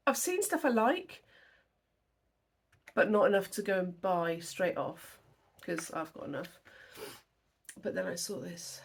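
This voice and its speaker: A woman's voice: medium pitch, creaky, slight background noise. A young woman chatting at home about her cross-stitch projects, rambling and emotional, filmed at her dining table. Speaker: flosstube host. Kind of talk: casual chat to camera.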